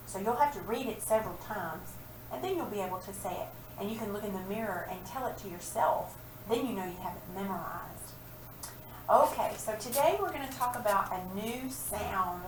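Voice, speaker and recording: A woman's voice: mid-range voice, far from the mic, slight background noise. A woman teaching children a reading and phonics lesson, patiently drawing out words and sounds. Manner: slow, patient, stretched-out sounds for young learners. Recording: echoey room, voice from off-mic.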